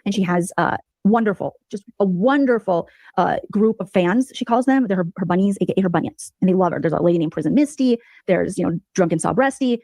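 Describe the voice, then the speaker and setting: A woman giving sarcastic, mocking gossip commentary as a streamer, telling the story in an animated way. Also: on the low side, fast talker, hardly any pauses, no room sound.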